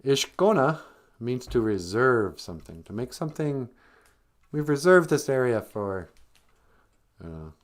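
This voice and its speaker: A man hosts a live stream in a loose, playful way, scolding like a cranky elder before breaking into laughter. His pitch swings widely and he takes his time between phrases, drawing words out. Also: sing-song, measured pace, pauses often. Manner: switches to grumpy old-man voice for jokes. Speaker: host of a live stream on Ojibwe language. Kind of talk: joking one-man live stream chat.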